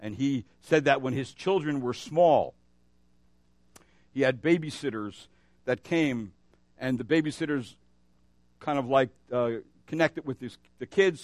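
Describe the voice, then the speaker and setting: A man's voice: medium pitch, measured pace. A man preaching from the pulpit, his mid-range voice swelling on key lines and then dropping into an easy, chatty storytelling tone. The sound is dry and close, with almost no room echo. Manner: animated preaching with rising emphasis and storytelling asides. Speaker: pastor. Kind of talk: sermon.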